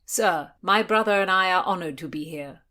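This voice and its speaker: A woman reads as an eager young man full of cheek who keeps needling his brother. He sounds lively and a little whiny in this storybook tale, pitched somewhat higher than her own voice. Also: moderate pace. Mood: cheeky.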